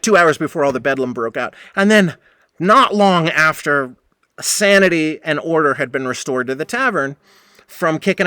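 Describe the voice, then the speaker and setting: A man hosting a podcast, telling a rambling story with lots of swearing and animated re-enactment. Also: on the high side, dry recording. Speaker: podcast host. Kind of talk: casual storytelling monologue.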